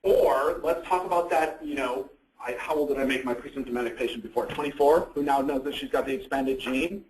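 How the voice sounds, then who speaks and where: A man's voice: medium pitch, fairly quick, darkish tone, a little hiss or hum. Man lecturing in an echoey room. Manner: conversational, asks and answers own questions. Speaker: presenter on psychiatric issues. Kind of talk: educational presentation.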